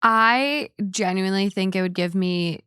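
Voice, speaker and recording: A woman hosting a podcast in casual chat, animated and upbeat, laughing easily. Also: medium pitch, unhurried, clear, resonant tone, no echo, studio quality. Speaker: podcast host.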